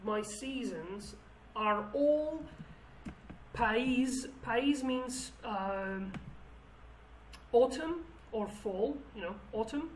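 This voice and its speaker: A woman from Kurdistan with a Kurdish accent teaches a language lesson, explaining words with many restarts and fillers. Her voice is a little high and expressive, very slow, with frequent pauses. The recording sounds roomy, with faint background noise.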